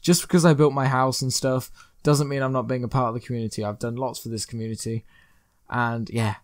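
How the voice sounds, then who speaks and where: A man's voice: medium pitch, level tone, a little fast, no room sound, studio quality. A young man chatting upbeat over his gameplay, now and then rambling a little. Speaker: gaming video host. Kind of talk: casual gameplay commentary.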